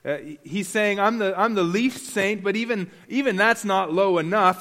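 A man's voice: high-pitched, moderate pace, hardly any pauses, a bit bright, long reverb tail. A man preaching a sermon as pastor, earnest, asking his congregation rhetorical questions and often repeating words.

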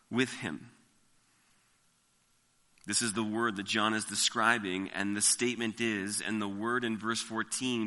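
A pastor delivers a sermon at an unhurried, deliberate pace, lingering on each phrase of scripture. His voice is strikingly bright and clear-toned. The sound carries a long reverb from a church sanctuary. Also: mid-range voice. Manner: slow, deliberate, emphatic reading of scripture. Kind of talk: expository sermon.

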